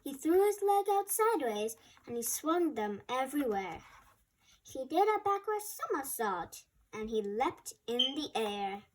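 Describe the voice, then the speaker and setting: A woman storyteller reading a rhyming picture book aloud, lively and casual, adding her own remarks between verses. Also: sits high, a little slow.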